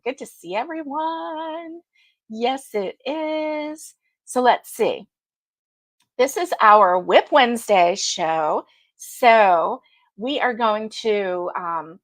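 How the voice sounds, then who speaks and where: A woman's voice: a little high, no room sound. A woman hosting a casual live chat, greeting viewers by name and laughing often. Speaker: livestream host.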